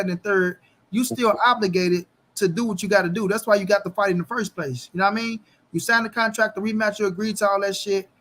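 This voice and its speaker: A man hosting a casual boxing talk show, animated and heavy with cursing. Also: high-pitched. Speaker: host.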